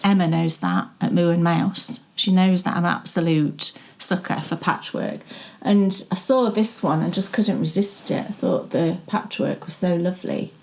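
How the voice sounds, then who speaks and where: A woman's voice: lowish voice, moderate pace, gravelly, darkish tone. Chatty woman telling stories. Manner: chatty, storytelling, laughs often. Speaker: podcast co-host. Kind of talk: casual knitting chat.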